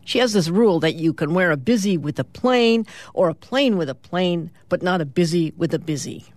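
A grumbling middle-aged husband from a newspaper comic, voiced by a radio host reading the strip. He complains in a flat, exasperated way, pitched a little above the reader's usual voice. The sound is dry and close to the mic. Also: moderate pace, dry recording, lightly acted. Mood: aggrieved.

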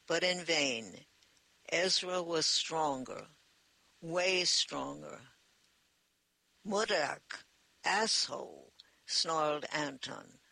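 A man narrating an audiobook in a measured storytelling manner. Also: a little high, vocal fry, pushed and bright, no room sound, low-quality recording.

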